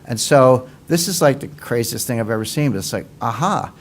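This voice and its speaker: A man's voice: medium pitch, expressive, brisk, a little hiss or hum. A man giving a confident, emphatic explanatory talk as an economics commentator, repeating his points and building analogies.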